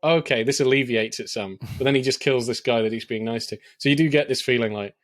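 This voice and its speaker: A man's voice: medium pitch, quick pace, no echo, studio quality. A man co-hosting a podcast in casual chat, talking animatedly with many fillers and acting out lines from films. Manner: animated, hesitant fillers, acts out quoted lines. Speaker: podcast co-host. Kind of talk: casual film discussion.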